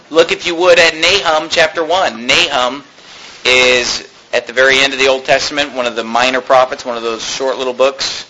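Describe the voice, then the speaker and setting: A man preaching a sermon, reading scripture slowly and emphatically, with quick, low asides. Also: pushed and bright, a little hiss or hum, poor audio.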